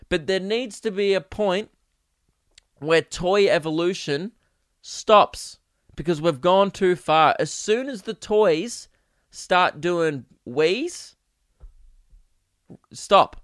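A man's voice: high voice, unhurried, smooth, dry recording, studio quality. A young man hosting a solo podcast, telling rambling, profane comic stories in a casual chat. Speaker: podcast host. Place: home podcast setup.

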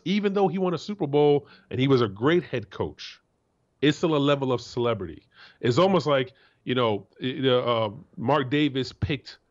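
Blunt, profane man on sports talk. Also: lo-fi sound. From Florida. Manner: blunt and profane, acts out quotes in a high voice. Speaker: co-host, former NFL player.

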